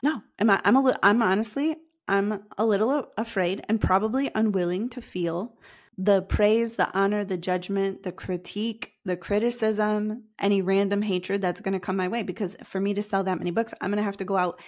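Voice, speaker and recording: A woman's voice: medium pitch, fairly even intonation, moderate pace. A woman hosting a solo podcast as a money coach, talking casually and conversationally and repeating phrases for emphasis. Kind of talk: solo podcast teaching talk.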